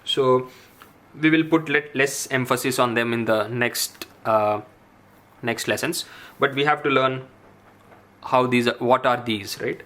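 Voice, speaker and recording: A man teaching a language lesson, patiently repeating each syllable and pausing with frequent "uh"s. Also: mid-range voice, fairly bright tone. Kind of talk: explaining a writing lesson.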